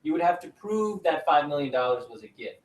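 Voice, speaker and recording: A man, a lawyer and guest on a talk show, explaining legal rules in a calm, clear way. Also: a little high, a little fast, low-quality recording. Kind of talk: explaining law in an interview.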